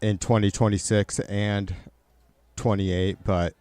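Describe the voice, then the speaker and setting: A man's voice: fairly low pitch, little pitch movement, takes it slowly, dark tone, no room sound. A man live-streaming casual political commentary, swearing a lot and rambling with many restarts as he answers his chat. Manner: profane, rambling with frequent restarts.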